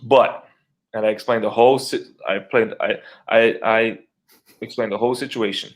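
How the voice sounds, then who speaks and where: Man, middle-aged, podcast co-host, casual storytelling, profane, animated. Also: on the low side, normal speed. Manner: animated, profane, acts out his own reactions.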